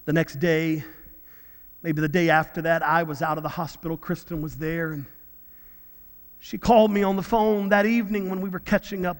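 A man's voice: high voice, steady tone, moderate pace, big-room sound. A man preaching a sermon, telling a personal story earnestly, often repeating and restarting his words. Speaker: pastor.

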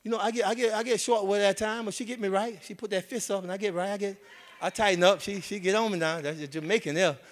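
A man's voice: high-pitched, fairly even intonation, quick pace. A man preaching a sermon in a folksy, repetitive way, with many amens and restarts. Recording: long hall reverb.

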